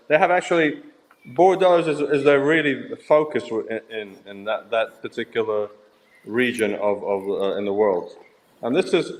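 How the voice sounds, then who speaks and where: A man in casual chat, calmly presenting a bottle of wine. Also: medium pitch, long reverb tail, a little hiss or hum, rough recording.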